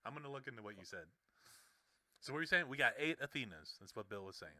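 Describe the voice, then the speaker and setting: A man co-hosting a casual gaming podcast, telling animated stories and laughing often. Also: medium pitch, fast talker. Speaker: podcast co-host.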